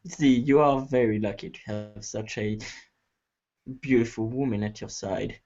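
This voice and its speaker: A man voicing a courtly, cryptic vampire gentleman with a genteel, murmured manner in a tabletop game, on a muffled, lo-fi recording. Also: fairly low pitch, unhurried, voice pushed down.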